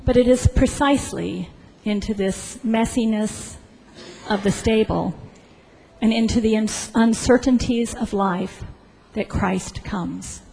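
A woman pastor preaching a sermon in a church sanctuary, telling a story slowly with deliberate pauses. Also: mid-range voice, vocal fry, dark tone. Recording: long church reverb.

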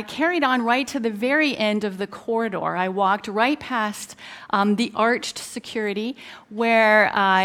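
A woman's voice: mid-range voice, fairly bright tone. A middle-aged woman from Canada preaching a sermon, retelling a personal story with many fillers and emphatic turns.

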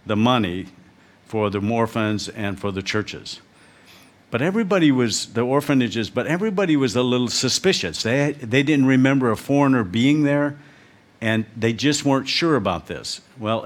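A man preaching a sermon as a visiting missionary, telling stories with emphasis. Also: on the low side. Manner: storytelling, emphatic.

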